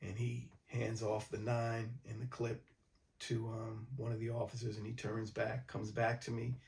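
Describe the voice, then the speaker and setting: A man from mid-state New York, calmly recounting a personal story in a documentary interview. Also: medium pitch, unhurried, creaky.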